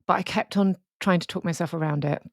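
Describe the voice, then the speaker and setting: A woman's voice: lowish voice, fast talker, gravelly, no room sound, clean studio sound. A woman co-hosting a podcast, telling a candid, sweary, emotional story in casual chat. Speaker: podcast co-host.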